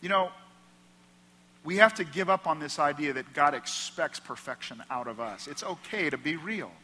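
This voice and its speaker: A man with a Midwestern American accent preaches in a church hall, his bright, forward voice carrying a long reverb tail. He talks to the room earnestly and conversationally, pitched slightly high for a man. He stacks up repeated phrases to press each point home. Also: expressive, moderate pace. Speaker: pastor. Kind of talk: sermon. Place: church auditorium.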